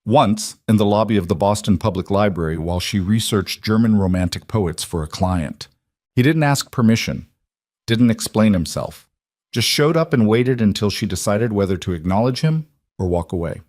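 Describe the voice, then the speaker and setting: Male storyteller: low pitch, steady and measured, dry close recording. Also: no room sound. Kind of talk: scripted narration.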